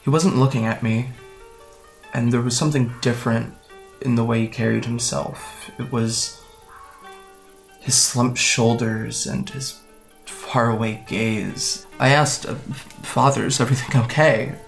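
Hesitant, wry young man from Japan, gravelly voice, radio drama. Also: mid-range voice, steady tone, unhurried, faint music behind. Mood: guarded. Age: 20s. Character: guarded young man recounting fleeing home. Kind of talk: audio drama acting.

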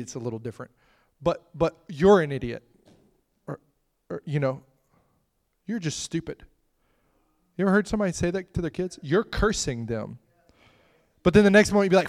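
A middle-aged man preaching a sermon in a conversational, storytelling way, with laughing asides and swings from loud bursts to hushed remarks. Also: on the high side, animated, brisk.

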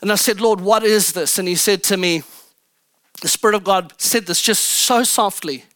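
A bright, high-voiced pastor preaching fervently. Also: male voice, normal speed, no echo. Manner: fervent storytelling preacher, emphatic and repetitive. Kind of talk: sermon. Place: church stage.

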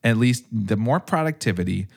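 A man's voice: mid-range voice, animated, moderate pace. A young man casually chatting as a podcast co-host, rambling with lots of fillers and frequent laughs. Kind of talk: casual chat.

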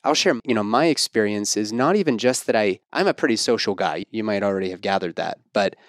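A man in his thirties hosting a podcast interview, talking in a self-assured, animated way and pushing his pitch up for emphasis. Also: a little fast, no room sound, studio quality. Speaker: podcast host and fertility coach. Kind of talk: casual interview chat.

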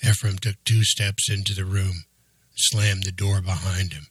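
Low husky guy reading an audiobook, steady and even, super dry close mic. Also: measured pace, no room sound. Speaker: narrator. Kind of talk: audiobook narration.

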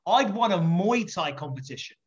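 In a muffled, lo-fi recording, a podcast guest spins lively anecdotes full of jokes, swearing, and laughter while being interviewed. He has a high-pitched voice and talks at normal speed.

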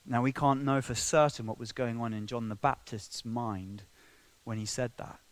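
Speaking at normal speed in a steady, mid-range voice, a male preacher moves from hushed, personal remarks to loud, forceful passages. His sermon is chatty and sprinkled with asides.

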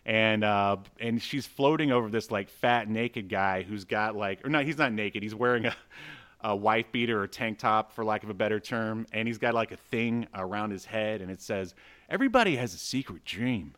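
Male podcast co-host, lowish voice, loose filler-heavy comic chat. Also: fairly even intonation, moderate pace, fairly bright tone, clear, resonant tone. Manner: rambling, lots of fillers, reads dialogue aloud. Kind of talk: casual comic book chat.

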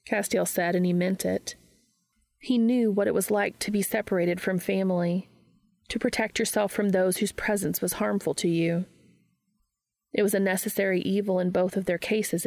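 A woman reading fan fiction aloud in a steady, even narrating voice. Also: mid-range voice, vocal fry, dry recording.

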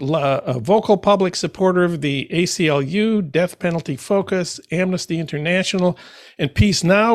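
A man hosting a radio show, reading a news segment in a measured, informative way. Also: high voice, no echo, clean studio sound. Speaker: radio host.

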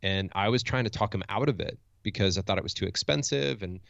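A man's voice: on the low side, brisk, vocal fry, fairly bright tone, no room sound, highs cut off. A man who works as a motivational speaker and coach, telling a personal story in a reflective, candid way, thinking aloud with restarts and asking "right?" as he goes.

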